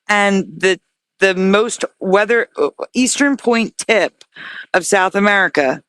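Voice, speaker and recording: A woman speaks as a guest in a casual interview, earnest and quick to get excited, tripping over and restarting her words as she goes. Her voice sounds close and dry, with no room around it. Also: mid-range voice, no room sound. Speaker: guest researcher.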